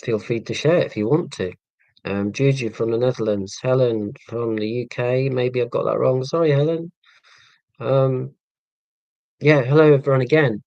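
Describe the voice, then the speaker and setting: A man's voice: mid-range voice, fairly even intonation, moderate pace, darkish tone, dry recording, highs cut off. A man in his forties with a Hampshire accent, chatting casually with viewers on his live stream in a rambling, self-deprecating, sarcastic way, full of ums and restarts. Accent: southern English, Hampshire. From England. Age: 40s. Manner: hesitant, many ums and restarts.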